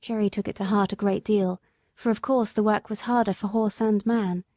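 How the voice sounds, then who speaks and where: Brief: woman audiobook narrator, calm, mellow, dry and close. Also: mid-range voice, moderate pace, dry recording. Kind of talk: scripted narration.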